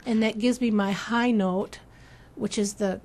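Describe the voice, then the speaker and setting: A woman's voice: medium pitch, steady tone, measured pace, darkish tone. Teacherly woman explaining sacred chant. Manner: careful, teacherly, breaks into short chanted phrases. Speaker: church chant composer and translator. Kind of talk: explanatory interview talk with sung examples.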